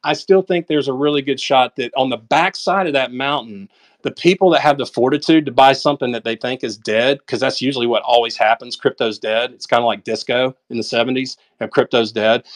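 A Southern-drawling man with a medium-pitched voice gives market commentary in a casual chat on an audio call. He's blunt and emphatic, leaning on plenty of folksy expressions.

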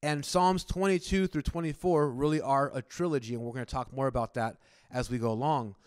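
A man's voice: medium pitch, brisk, clear, resonant tone, no room sound, studio quality. A man preaching a sermon at a church service in a conversational style, often restarting words and asking the congregation questions. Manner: asks the congregation direct questions. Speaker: pastor.

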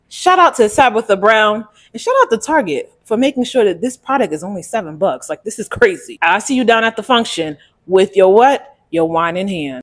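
Reviewing a wine for her vlog, a mid-range-voiced woman talks to camera with playful sass. Her casual chatter is punctuated by abrupt loud outbursts and slang with a Southern flavor.

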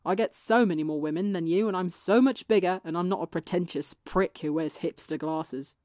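Woman reader voicing a cocky teenage boy, loud and defensive, slightly gravelly tone. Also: on the low side, fairly quick, no room sound, clean studio sound, close to an everyday voice. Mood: defensive bluster.

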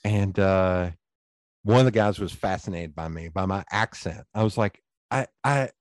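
Low-voiced Southern man telling stories. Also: moderate pace, a little hiss or hum. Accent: Southern US, East Tennessee. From East Tennessee. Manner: animated storyteller, swears freely. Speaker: podcast host. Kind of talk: casual storytelling chat.

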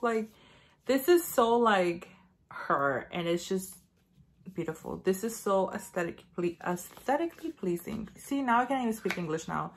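A woman's voice: mid-range voice, lively intonation, unhurried. A woman beauty vlogger chatting casually, telling a rambling story full of "like" and acting out her own lines. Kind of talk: casual chat.

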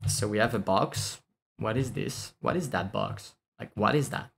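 Guy streaming a game, kinda low voice, swears a lot, laughs a bunch, bit of hiss. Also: expressive, unhurried, vocal fry. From France. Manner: blunt and swearing, laughs often. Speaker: VTuber streamer. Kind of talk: casual gameplay commentary.

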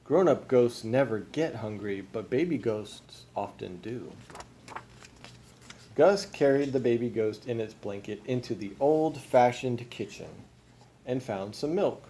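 A man reading a children's storybook aloud as a father, with expressive, unhurried storytelling. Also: medium pitch, a little hiss or hum.

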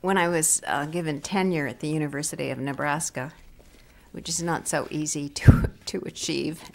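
An older woman, a poet and professor, reading her poems aloud slowly and deliberately at a library event, letting phrase endings drop to a soft whisper. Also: sits low, fairly even intonation, vocal fry, a little hiss or hum. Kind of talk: poetry reading.

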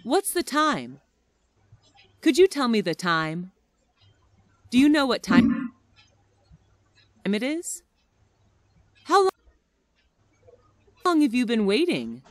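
Slow, expressive woman reading practice phrases. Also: a little high. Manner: expressive, careful enunciation. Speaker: English phrase reader.

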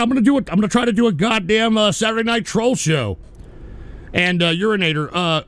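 A man from Texas, hosting a livestream talk show and ranting combatively about politics while shouting insults at trolls. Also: high-pitched, dry recording. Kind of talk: angry political rant to live chat.

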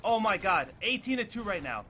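A young man with a high, sharp, ringing voice giving hyped live commentary over a game. He fires off quick play-by-play calls and swears freely as he talks. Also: very animated, slight background noise. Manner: quick running play-by-play shouts. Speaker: gaming video creator.

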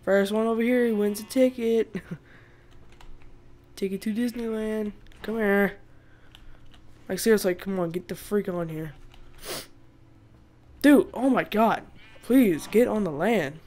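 A woman's voice: medium pitch, slow, long pauses, darkish tone. A woman giving casual, chatty let's-play commentary as she plays a survival game, laughing often and bursting out in exasperation at the animals. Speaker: gaming video host.

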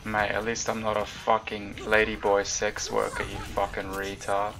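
An Australian man hurls insults at other players in an online game's voice chat. His voice is low, flat and gravelly. Loud music plays under the chat. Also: moderate pace. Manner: insulting, swearing constantly. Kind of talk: abusive trash talk in voice chat.

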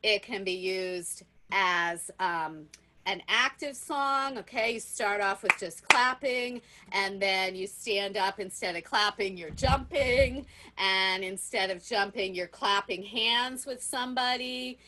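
A woman's voice: medium pitch, slow, pushed and bright. A woman presenting a workshop for teachers on a video call, singing simple songs and explaining how to use them with children.

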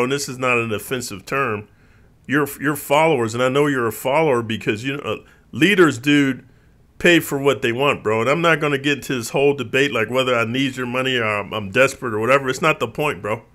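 A man hosts his own show and rants straight to his viewers, swearing freely and dropping "bro" at every turn. His voice is bright and forward, and he keeps slipping into mimicked voices of the people he complains about. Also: mid-range voice, a little fast. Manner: profane, streetwise, says bro a lot; lively, mimics others in quoted voices. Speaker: channel host. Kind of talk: ranting monologue to viewers.

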